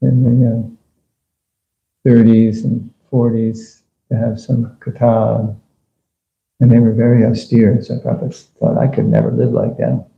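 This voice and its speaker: Gravelly man giving a scripture class. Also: mid-range voice, little pitch movement. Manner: casual and halting, with fillers and chuckles. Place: temple hall. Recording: dull, echoey room recording.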